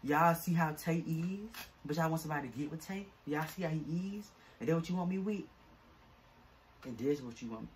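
A man's voice: on the high side, a little fast. Irritated male vlogger ranting casually over audible background noise. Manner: irritated, fed-up, rambling slangy rant. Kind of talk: venting to camera.

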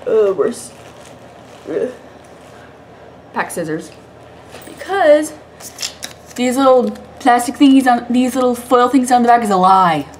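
A woman's voice: a little high, animated, takes it slowly, long pauses, slight background noise. A young woman vlogger with a congested, stuffy voice, telling a rambling story to the camera in a chatty way, laughing often.

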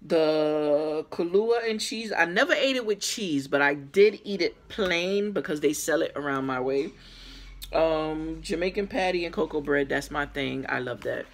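A woman's voice: sits low, a little slow. A woman who is losing her voice, chatting casually with her viewers in an unboxing vlog, filmed on a camera on a small tripod. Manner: chatty, addresses viewers as guys. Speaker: vlogger.

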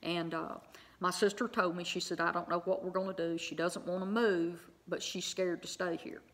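A middle-aged woman with a gravelly, somewhat low voice tells viewers a personal story. She talks in a chatty, rambling way, with fillers and asides like "right?" and "okay?". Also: little pitch movement, moderate pace, a bit bright. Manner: chatty, many fillers and tag questions. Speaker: online Bible teacher.

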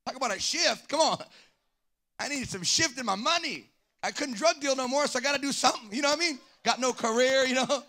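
A man's voice: extremely high pitch, fairly quick, sharp tone. A man preaching as a pastor to his congregation, fervent and full of call-and-response, slipping into a sing-song cadence. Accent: Southern Californian. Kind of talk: sermon. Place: church sanctuary.

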